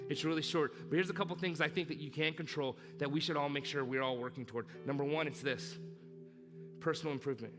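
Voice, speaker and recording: A man's voice: on the high side, fairly even intonation, fast. Male pastor, emphatic sermon delivery in a reverberant church with backing music. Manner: emphatic, repeats key lines, rises to loud urging. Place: church hall.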